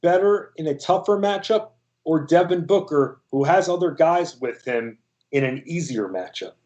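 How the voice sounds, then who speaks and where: A man's voice: fairly high pitch, lively intonation, normal speed, darkish tone, dull audio. A man co-hosting a fantasy basketball live stream, asking his partner pointed questions in casual chat. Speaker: fantasy sports co-host.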